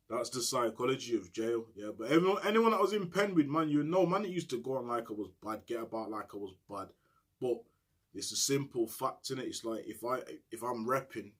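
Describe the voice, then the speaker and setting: Middle-aged man, husky and mid-pitched, telling a story in street slang. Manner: street slang, repeats "you get me, G". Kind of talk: casual storytelling monologue.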